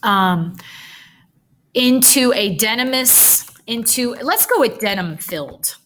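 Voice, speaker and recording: A woman's voice: a little high, animated, slow pace, fairly bright tone, a little hiss or hum. A woman tutoring writing, thinking aloud as she drafts a paragraph, chatty and self-correcting with nerdy asides.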